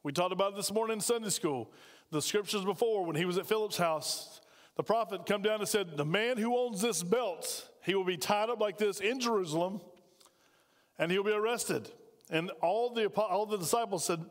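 A man's voice: sits high, moderate pace, big-room sound. A man preaching a sermon as pastor, speaking conversationally and putting questions to the congregation. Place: church sanctuary.

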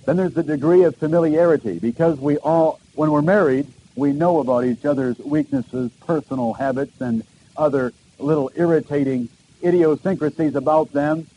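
A man's voice: fairly high pitch, normal speed, mellow, slight background noise, rough recording. A middle-aged man preaching a sermon to a congregation, posing searching questions and repeating key phrases for emphasis. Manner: earnest, questioning delivery with emphatic repetitions. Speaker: pastor.

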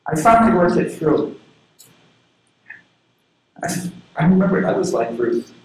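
A man's voice: a little slow, pauses often. A man from southern Florida preaching a sermon as a pastor, telling personal stories in an earnest way. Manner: earnest, personal storytelling with lively pitch swings. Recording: very echoey room with faint background noise.

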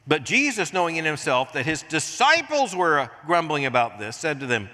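An older American man preaches with a lively, rising-and-falling delivery, dropping low and quiet, then pressing hard on his points. His bright, forceful voice rings through the long reverb of a large church hall. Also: measured pace. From United States. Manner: animated, swings from hushed to emphatic. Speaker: pastor. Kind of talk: sermon.

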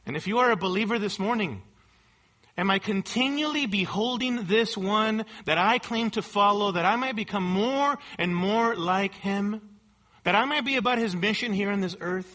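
Bright, forceful high-voiced male preacher. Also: normal speed. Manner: emphatic, repeats rhetorical questions to the congregation. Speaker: pastor. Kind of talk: sermon.

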